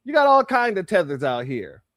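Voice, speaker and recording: A male host delivers reaction commentary in a noticeably high voice, hammering his points through repetition and speaking straight to his audience as family. The sound is dry and close. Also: very animated, moderate pace, a bit bright, no echo. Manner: emphatic, repeats phrases, addresses viewers as family.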